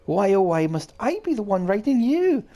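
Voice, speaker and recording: A man voicing a haughty, dramatic fairy ruler in a deliberately bad put-on Scottish accent, reading game dialogue aloud. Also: very animated, dark tone. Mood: scolding, theatrical. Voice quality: high, exaggerated theatrical voice.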